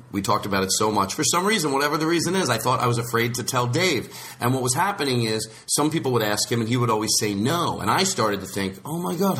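A man's voice: mid-range voice, a bit bright. A man hosting a podcast in casual chat, rambling and restarting his sentences, slipping into voices when he quotes people. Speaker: podcast host.

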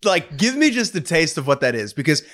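Man co-host, excited chatty talk, higher-pitched voice. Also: a little fast. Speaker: podcast co-host. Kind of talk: casual interview chat.

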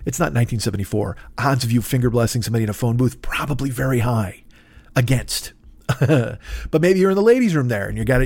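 A stuffy-nosed man rambling through a swear-filled comic rant on his podcast, mocking himself as he goes. His voice sits at a middling pitch, and the sound is dry and close, with no room echo. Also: darkish tone. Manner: profane, ranting, self-deprecating. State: stuffy nose. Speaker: podcast host. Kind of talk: rambling comedic monologue.

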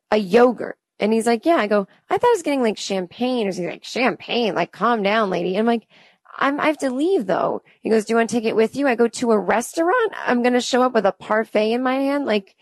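A woman's voice: medium pitch, no echo. A woman in her thirties tells a comedic story and slips into the voices of everyone in it. Her asides are chatty. The mic is close and dry, with no room sound. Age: 30s. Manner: acts out both sides of the dialogue with chatty asides.

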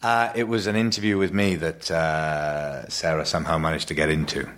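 A man's voice: very deep voice, fairly even intonation, moderate pace, fairly bright tone. A man appearing as a guest actor on a podcast, teasing with wry humor. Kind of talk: casual chat.

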